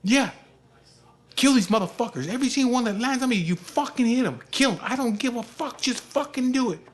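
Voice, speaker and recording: A man's voice: very high-pitched, animated, fairly quick, voice pushed up. A man putting on a furious cursing older man. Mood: fierce. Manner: explosive, yelling, swearing constantly. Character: furious cursing middle-aged man fixing a car.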